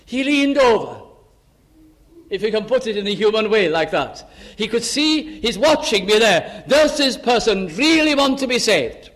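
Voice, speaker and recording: A man preaching a sermon on a psalm, swinging from urgent raised pleas to hushed low asides and quoting scripture in old-fashioned wording. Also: lively intonation, normal speed.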